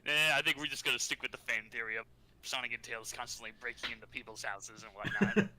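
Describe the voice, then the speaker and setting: A man's voice: mid-range voice, quick pace, a crowd in the background, rough recording. A man chatting casually on a podcast, giggling often and restarting his sentences. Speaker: podcast co-host. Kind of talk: casual chat.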